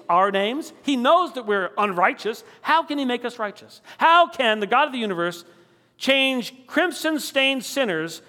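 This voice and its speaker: High bright-voiced preacher in a hall. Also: male voice. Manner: dramatic, rhetorical questions, slows for emphasis. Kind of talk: sermon.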